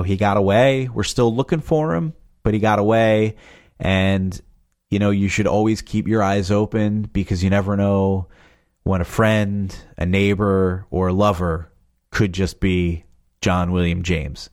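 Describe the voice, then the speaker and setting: Man, young adult, low voice, rambling casual podcast talk. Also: darkish tone. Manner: rambling, loose and chatty, full of fillers like "you know". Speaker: podcast creator. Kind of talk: casual chat.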